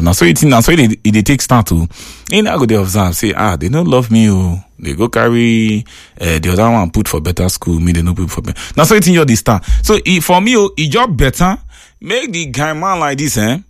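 A man with a Nigerian accent hosting a show, chatting casually as he reads out and reacts to listener comments in an animated, laughing way. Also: on the low side, no room sound, clean studio sound. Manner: animated, laughing, switching into Pidgin. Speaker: show host.

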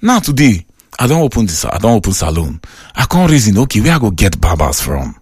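Lively Nigerian radio host, laughing. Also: male voice, lowish voice, fairly quick, husky, no echo, studio quality. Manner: animated storyteller, laughs often, mixes Pidgin and English. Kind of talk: chatty radio call-in talk.

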